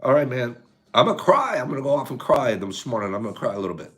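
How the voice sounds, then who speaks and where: An older man hosting a morning livestream, talking softly and tearfully about gratitude, then turning loud and excited as he greets viewers. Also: mid-range voice, racing. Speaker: livestream host. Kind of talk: emotional morning livestream chat.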